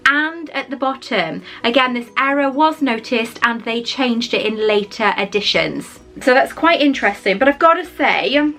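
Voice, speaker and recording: A woman's voice: high voice, sharp tone, rough recording. A young woman vlogging casually, chatty and effusive, with frequent fillers and laughs. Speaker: YouTuber. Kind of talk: casual vlog chat.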